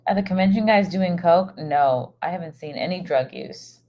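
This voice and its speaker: A woman comedian with a fairly low, mellow voice speaks at normal speed as she chats casually on a live stream from a hotel room. She rambles in a scatterbrained way with plenty of fillers, and her microphone is set up for streaming.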